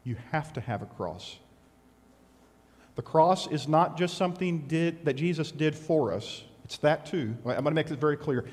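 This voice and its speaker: A middle-aged man preaching a sermon as pastor, conversational and animated with sudden loud bursts. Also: on the high side, normal speed. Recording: long hall reverb.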